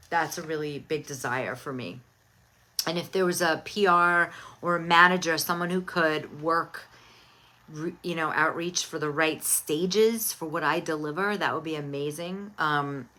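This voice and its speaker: Middle-aged woman host, expressive, candid chat; bright, slightly low voice. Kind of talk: casual chat.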